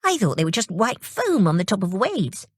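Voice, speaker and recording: A woman's voice: mid-range voice, very animated, normal speed, breathy edge, dry recording. A woman voicing an eager, curious young boy in a storybook reading, in a voice close to her own.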